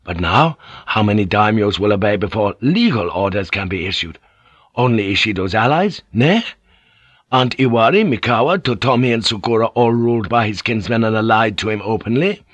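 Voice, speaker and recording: A man's voice: on the low side, lively intonation, moderate pace, no room sound, lo-fi sound. A man reading an earnest, persuasive samurai vassal. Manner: earnest, persuasive, quietly authoritative. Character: loyal, shrewd samurai vassal, adult man. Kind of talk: audiobook character reading.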